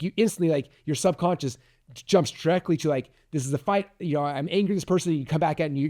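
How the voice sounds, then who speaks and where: A podcast host in his forties with a medium-pitched voice gives an energetic, chatty motivational talk. He fills it with a lot of "like."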